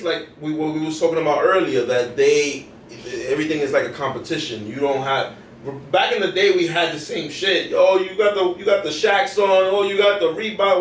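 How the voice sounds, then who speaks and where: A man's voice: sits high, a little fast, distant mic. A young man, a podcast co-host, talking casually in loose street slang with many restarts. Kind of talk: casual chat. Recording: roomy, off-mic, faint noise.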